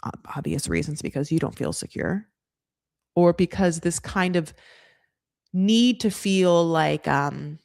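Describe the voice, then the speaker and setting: Woman recap host, lowish voice, dry close sound, rambling and chatty, slips into quick character voices. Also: animated, creaky, a little mellow, no room sound. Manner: chatty, rambling, full of "like" and "you know"; acts out cast members in quick quoted voices. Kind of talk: casual recap commentary.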